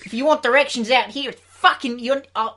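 A man's voice: very high-pitched, a little fast, pushed and bright, heavily acted. Sex: man. Figure: man putting on a sweary Australian bloke with a drawl. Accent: Australian, put on. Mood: brash. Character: crude bloke giving directions in the outback.

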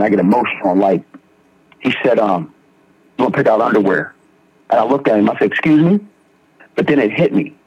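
A young man from Philadelphia recounts his path through recovery with earnest, slangy storytelling and frequent restarts. His voice is husky, and the dry, dull recording sounds lo-fi. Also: on the low side, darkish tone, no room sound. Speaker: guest in recovery. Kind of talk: personal testimony in conversation.

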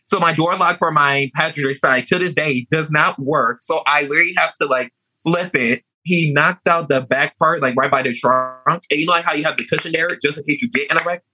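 A young man telling a story in an animated, sassy way, chatting casually. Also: a little high, a little fast, breathy edge, no echo, rough recording. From New Orleans. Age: young adult.

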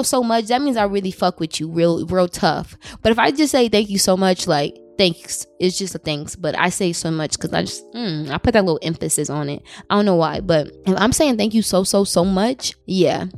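A woman hosting a podcast and giving advice in a blunt, profane, casual way. She often jumps up into high squeaky tones. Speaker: podcast host.

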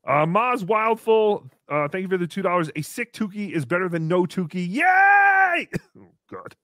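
A man takes on the role of a small green puppet creature, crude and giggly, who reads donations on a comedy stream and speaks in the third person about himself. The tone is cheeky, high and a bit bright at a moderate pace, in a dry, studio-quality recording.

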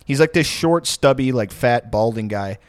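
Man, casual chat, rambling, swears often, laughs a lot, mid pitch, dry sound. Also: animated, normal speed, dry recording.

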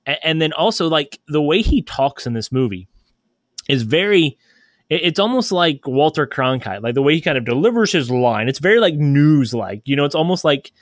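A man's voice: on the high side, sing-song, normal speed, no echo, clean studio sound. A man co-hosting a podcast, talking through a film review with many hesitations and fillers. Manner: hesitant, filler-heavy, laughing easily. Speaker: podcast co-host. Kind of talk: casual film review chat.

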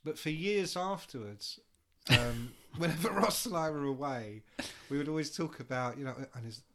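A man's voice: on the high side, normal speed, heavy background noise. A man telling rambling tour anecdotes in a casual chat, full of ums and swearing. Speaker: storyteller, former music industry worker.

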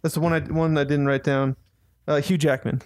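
A man hosting a casual group chat, reading out questions slowly with frequent fillers and pauses. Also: fairly high pitch, little pitch movement, darkish tone, no room sound. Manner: slow, halting, with frequent fillers. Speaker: podcast host reading questions.

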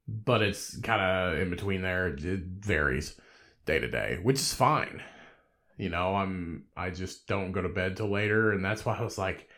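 A man in his thirties talking alone on his podcast with a somewhat low voice. He rambles in a laid-back, conversational way, swears nearly every sentence and breaks into laughs. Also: unhurried, sharp tone. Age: 30s. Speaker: podcast host. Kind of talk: solo podcast monologue.

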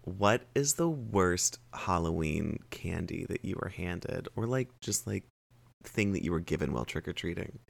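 A man's voice: low voice, lively intonation, normal speed, gravelly. A man playing in a tabletop podcast, blunt and teasing in casual chat. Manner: blunt, teasing, bursts of laughter. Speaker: podcast player.

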